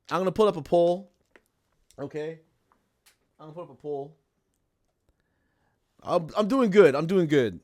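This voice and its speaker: A man hosting a casual livestream podcast, talking loudly and with animation and often repeating himself while he chats with viewers. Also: fairly high pitch. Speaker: podcast host.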